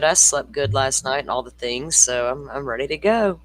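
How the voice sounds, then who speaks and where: A man's voice: medium pitch, moderate pace, dry recording, low-quality recording. A man hosting a true-crime livestream in loose, rambling casual chat. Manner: loose, rambling, friendly, many fillers. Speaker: livestream host.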